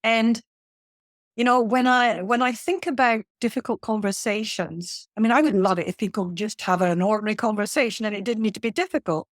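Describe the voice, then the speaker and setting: A woman, a leadership coach telling a lively workplace anecdote as a podcast guest. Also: a little high, a little fast, dry recording, studio quality. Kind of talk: conversational storytelling.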